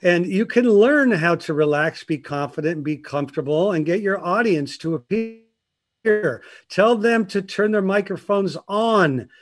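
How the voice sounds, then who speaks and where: An older man, a guest on a talk show, telling stories in a lively, animated way and laughing often. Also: high-pitched, measured pace. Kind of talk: casual interview chat.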